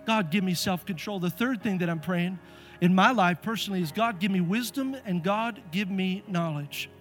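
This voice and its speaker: Middle-aged man preaching in church, higher voice, lively and playful telling of stories. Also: normal speed, soft background music. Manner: animated, acts out voices in stories. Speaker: pastor. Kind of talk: sermon with storytelling. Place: church sanctuary.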